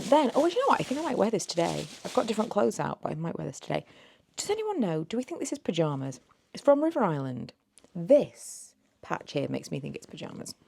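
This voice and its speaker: A beauty vlogger in her late 30s talks through her thrift haul in a loose, rambling chat. Her low voice has a gravelly fry and a slightly mellow quality, and her words come out a little slurred, as if she's only just woken up.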